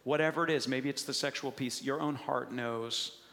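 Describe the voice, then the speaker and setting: A man preaching a sermon to a congregation in earnest, conversational tones that grow quiet and gentle in prayer. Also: medium pitch, steady tone, moderate pace, vocal fry. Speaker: pastor. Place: church sanctuary. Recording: hall reverb.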